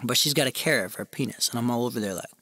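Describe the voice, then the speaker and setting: A man's voice: mid-range voice, very fast, background noise. A man telling a crude, rambling comedic story in a casual ASMR storytelling style.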